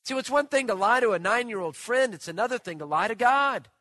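Animated preacher, high bright voice. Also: male voice, brisk, dry recording. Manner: animated storytelling, swings between loud and hushed. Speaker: pastor. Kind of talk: sermon.

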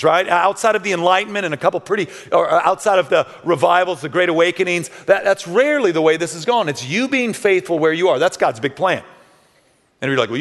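A man's voice: on the high side, a bit bright. A male pastor preaching a sermon in a loose, conversational way, full of rhetorical questions and asides. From Texas. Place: large church hall. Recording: long hall reverb.

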